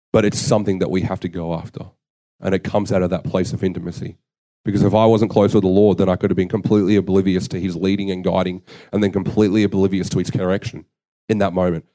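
Low-pitched and dark, the voice is a young man's as he preaches. His sermon feels like earnest conversation, with stories told at his own expense.

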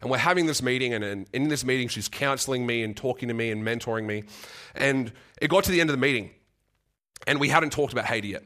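Brief: young man, earnest halting preacher, mid-pitched voice. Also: expressive, pushed and bright. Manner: earnest, halting, repeats words, gets choked up. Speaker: guest preacher. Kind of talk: sermon with personal story.

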